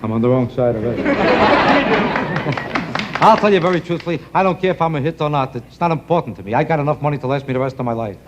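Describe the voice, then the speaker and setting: A man's voice: mid-range voice, expressive, racing, hardly any pauses, muffled recording, a crowd in the background. A man doing a rambling stand-up comedy routine on a TV stage, teasing the audience between jokes. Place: television studio stage before an audience. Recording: loud studio audience laughter and noise.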